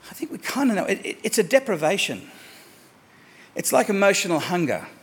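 A man preaching a sermon to his church, emphatic, repeating words for stress and moving between soft asides and raised declarations. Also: sits high, very animated, a little fast, slightly rough. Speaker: pastor.

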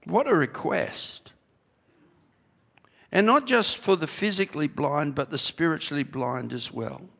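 Male preacher, raised voice with a rough edge, unhurried emphatic sermon delivery; reverberant church hall. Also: a little high, lively intonation, fairly bright tone. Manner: emphatic, rhetorical questions, repeats key phrases. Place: church sanctuary.

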